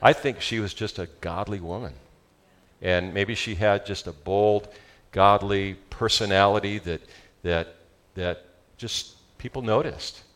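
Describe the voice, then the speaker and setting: A male pastor with a Southern California accent preaches a sermon, animated and joking with his congregation. His voice is lowish and his pace measured.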